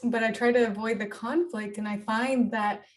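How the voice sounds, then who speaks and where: A woman's voice: on the high side, steady tone, normal speed, recorded from a distance. A woman hosting an interview, chatting earnestly with lots of fillers. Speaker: interview host. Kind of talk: casual interview talk.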